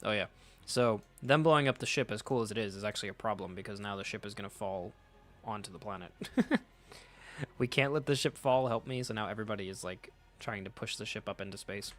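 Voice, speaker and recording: A man's voice: fairly low pitch, fast talker, fairly bright tone, faint music behind. A man chatting loosely as he flips through comic issues. He jokes, swears easily and often stops to correct himself mid-sentence. His tone stays offhand and unscripted. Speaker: comic book reader and commentator. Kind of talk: casual chat while reading comics.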